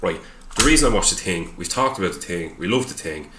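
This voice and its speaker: Irish male co-host, low and bright, sweary ranter, echoey room. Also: lively intonation, fast. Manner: sweary, ranting. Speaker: podcast co-host. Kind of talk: casual podcast chat. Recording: echoey room, faint background hiss.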